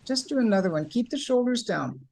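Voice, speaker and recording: Woman from Canada, voice coach, lively online workshop leader demonstrating breath and sounds. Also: on the high side, a little fast, gravelly. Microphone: video call.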